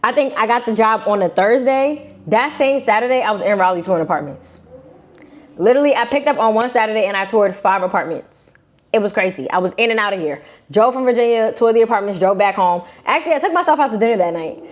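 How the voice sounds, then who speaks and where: Fast-talking young Brooklyn woman storytelling. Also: a little high. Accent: New York. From Brooklyn, New York. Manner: animated, slangy, acts out quotes in shifting voices. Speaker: vlogger. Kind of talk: casual storytelling to camera.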